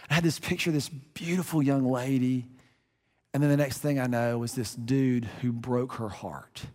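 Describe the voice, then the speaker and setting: A man's voice: mid-range voice, big-room sound. A middle-aged man preaching a sermon as a pastor, earnest and conversational, often restarting his phrases.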